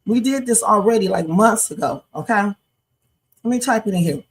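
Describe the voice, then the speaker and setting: A middle-aged woman runs a casual reaction livestream with a slightly husky voice. She talks bluntly and with emphasis, answering her chat directly. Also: medium pitch, moderate pace, rough recording.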